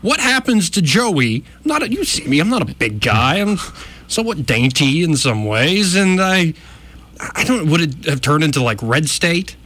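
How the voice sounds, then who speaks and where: A man's voice: fairly high pitch, moderate pace. A man chatting casually as a podcast host, self-deprecating, laughing often and acting out the people in his stories. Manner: animated storyteller, acts out quotes. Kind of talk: casual chat.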